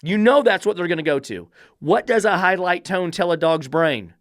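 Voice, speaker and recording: Profane fed-up dog trainer guy ranting on a podcast, kinda high voice, dead dry sound. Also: animated, normal speed, a bit bright, no room sound. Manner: blunt, combative and profane, mocking falsetto baby talk. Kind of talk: opinionated podcast commentary.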